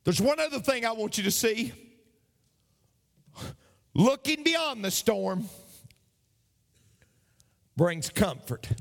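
A male pastor preaches in a high, lively voice that swoops up and down as he leans into each phrase. He takes his time, repeating key lines for emphasis, and the sound rings out with the long reverb of a big hall. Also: takes it slowly, creaky, pauses often. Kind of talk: sermon.

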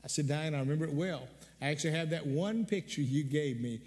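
A man preaching a sermon, telling a personal story earnestly and slowing down on the emotional moments. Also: on the high side, a little mellow, in a large hall.

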